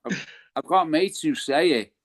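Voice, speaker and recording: A man's voice: fairly high pitch, a little slow. A man with a Liverpool accent, a guest on an online panel, chiming in with short remarks and chuckles. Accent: Liverpool (Scouse). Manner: short agreeing interjections, chuckles. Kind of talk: casual chat.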